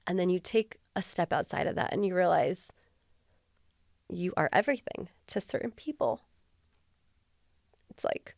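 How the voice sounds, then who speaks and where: A woman's voice: lowish voice, expressive, unhurried, vocal fry, long pauses, a little mellow, no room sound. A woman guest on an interview podcast, speaking candidly in a heartfelt, earnest way with lots of casual fillers, recorded on a close podcast mic. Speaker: podcast guest, former police officer.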